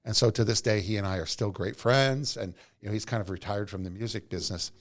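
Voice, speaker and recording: A man's voice: lowish voice, quick pace. A middle-aged man, a podcast guest, telling earnest, rambling stories from his working life. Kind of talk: casual storytelling interview.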